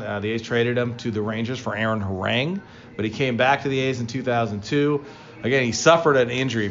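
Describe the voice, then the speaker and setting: A man co-hosting a casual baseball talk show, telling player stories with lively excitement. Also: dull audio. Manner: storytelling, animated, rising pitch when excited. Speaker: baseball podcast co-host, former player. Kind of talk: casual sports chat.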